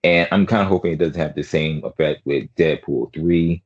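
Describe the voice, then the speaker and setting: A man's voice: very deep voice, moderate pace, slightly rough, highs cut off. A man hosting a podcast in casual chat, rambling with lots of fillers and restarts over an online call. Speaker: podcast host.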